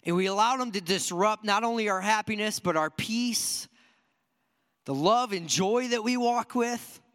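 A man's voice: sits high, a little slow, fairly bright tone, in a large hall. Earnest man preaching a sermon. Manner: earnest, conversational preaching with rhetorical questions. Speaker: pastor.

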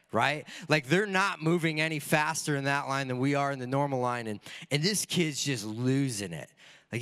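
A man's voice: a little high, fairly bright tone. A man preaching a sermon in a casual, joking way, often asking rhetorical questions. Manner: casual, conversational.

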